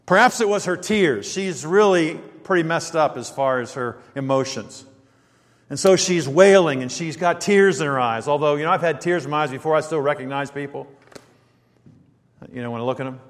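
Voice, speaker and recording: A man preaching a sermon in an animated way, firing rhetorical questions and acting out quoted lines. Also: on the high side, long reverb tail.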